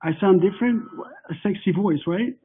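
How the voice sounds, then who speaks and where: A man, hoarse from flu and nearly voiceless, joking and playful in a halting way as a guest on a call. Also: sits high. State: losing his voice, husky from flu. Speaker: fitness program creator, guest. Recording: tinny phone-line audio.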